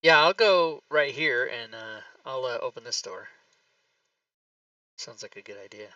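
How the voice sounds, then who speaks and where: A man's voice: mid-range voice, lively intonation, unhurried, bright, forceful tone, no echo, distant mic, muffled recording. A man chatting casually as a player in an online tabletop game, making offhand jokes. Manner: joking, offhand remarks.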